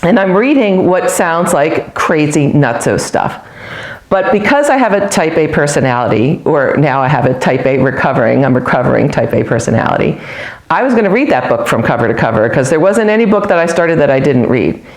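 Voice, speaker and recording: Candid low-voiced woman telling her story. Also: a little fast. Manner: candid, self-mocking, lively storytelling with quoted asides. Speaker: storyteller sharing a spiritual testimony. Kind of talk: personal storytelling. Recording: roomy echoey recording.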